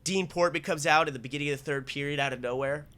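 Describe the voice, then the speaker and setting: A man's voice: a little high, quick pace, fairly bright tone. A young man hosting a casual sports podcast, upbeat and teasing his co-host.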